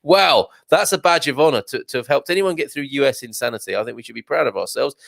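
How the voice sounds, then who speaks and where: Gravelly-voiced chatty male show host. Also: mid-range voice, fast talker, fairly bright tone, no echo. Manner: chatty, jokey, with frequent fillers and restarts; reads viewer comments aloud. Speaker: livestream show host reading viewer comments. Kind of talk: casual live chat.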